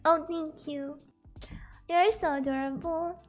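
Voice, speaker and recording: A woman's voice: very high voice, steady tone, takes it slowly, highs cut off, soft background music. A woman live streamer chatting casually with her viewers, giggling often and joking about herself while losing her voice a little. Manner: giggly, self-deprecating, laughs often.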